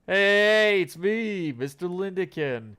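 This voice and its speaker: A man voicing a loud, joking male pterodactyl teacher in a game. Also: high voice, expressive, slow, clear, resonant tone, voice pushed up, heavily acted. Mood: teasing.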